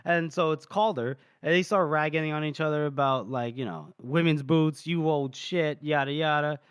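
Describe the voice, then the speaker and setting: A man's voice: a little high, moderate pace, clean tone, no echo, studio quality. A man co-hosting a podcast, recapping a book chapter in loose, rambling casual chat, full of fillers and the odd swear word. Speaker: podcast co-host.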